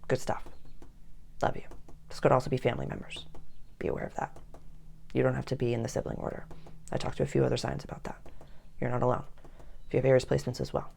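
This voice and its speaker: A woman giving a casual, earnest astrology reading, often dropping to soft near-whispers. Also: rumbling low, steady tone, fast, creaky, long pauses, a little hiss or hum.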